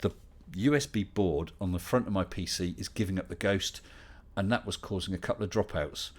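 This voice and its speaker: A middle-aged man hosts a relaxed live Q&A stream with a fairly low voice. He chats easily, picks up viewers' questions one after another and answers them with dry humor. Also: a little fast. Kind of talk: casual live Q&A chat.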